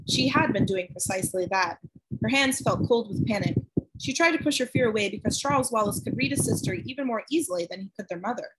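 A woman reading a novel aloud with steady, even storytelling. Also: fairly high pitch, fast talker, background noise. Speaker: audiobook narrator.

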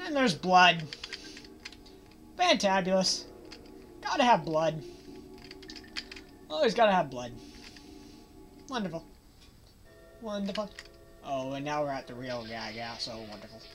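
While playing a horror video game, a let's play gamer with a low, very animated voice offers sarcastic, jokey, falsely cheerful commentary. She talks a little slowly with long pauses, and the game music is loud behind her voice.

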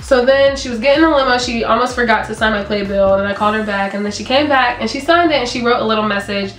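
Animated young woman telling a story. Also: fast. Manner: animated storytelling, acts out quotes in a higher voice. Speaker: vlogger. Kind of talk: casual chat. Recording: echoey room with faint music.

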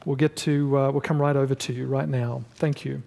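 A man's voice: mid-range voice, flat delivery, a little fast, creaky, darkish tone, in a large hall. A male pastor teaching a Bible study lesson in a church, speaking emphatically and asking his class questions.

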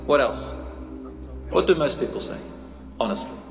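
A man's voice: medium pitch, animated, moderate pace. A man, a teacher, giving a sermon, telling stories and asking his audience questions. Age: adult, a teacher. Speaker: preacher. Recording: echoey hall, faint ambience.

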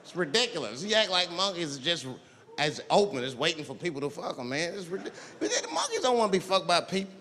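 A man's voice: fairly high pitch, fast. A male stand-up comedian telling a profane story in a live show and acting out the voices in it. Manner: profane, animated, acts out voices. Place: large live venue. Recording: echoey hall with loud crowd.

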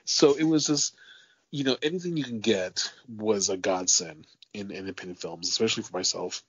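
A man hosting a podcast interview, telling animated stories full of swearing and acted-out quotes, on a dull, lo-fi, dry recording. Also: on the low side, normal speed, husky, no echo. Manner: animated storyteller, swears freely, acts out quotes. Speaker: podcast host. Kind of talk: casual interview chat.

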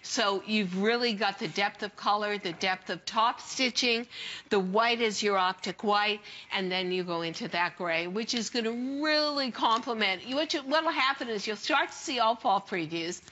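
Woman designer, crisp and bright, effusive TV-shopping pitch, slightly muffled broadcast sound. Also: normal speed. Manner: enthusiastic, chatty, gushing about colors. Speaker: fashion designer selling her jeans. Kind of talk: home shopping sales pitch. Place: TV shopping studio.

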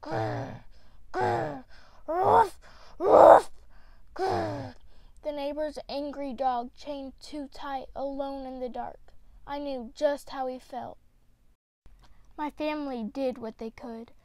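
A woman reading a children's picture book aloud, with gentle, expressive storytelling. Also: sits high, measured pace, no room sound. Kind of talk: read-aloud storybook narration.

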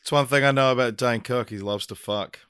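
A man's voice: medium pitch, fairly quick, fairly bright tone, clear, resonant tone, no room sound, studio quality. A man co-hosting a casual film review podcast, making brief, laid-back asides. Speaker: podcast co-host.

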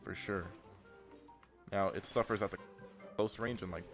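A man's voice: low voice, steady tone, normal speed, faint music behind. A young man giving profane, ranting gameplay commentary as a gaming channel host. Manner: profane, ranting, trash-talking.

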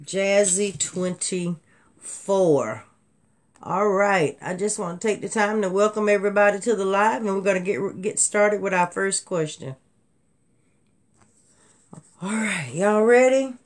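A woman's voice: medium pitch, normal speed. Chatty woman hosting a live sale. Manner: chatty and folksy, addresses viewers as y'all. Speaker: host of a live jewelry sale. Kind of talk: casual live-stream selling with Bible trivia.

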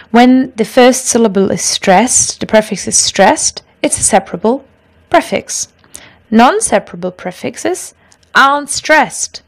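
A woman teaching a language lesson, explaining grammar rules patiently and clearly and reading out example sentences. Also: on the high side.

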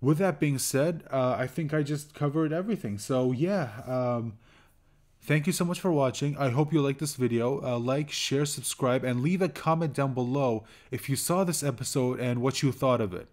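Halting young-sounding man reviewing a show. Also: mid-range voice, a little mellow. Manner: halting, many fillers and restarts; chuckles while recounting scenes. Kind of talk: casual spoken review.

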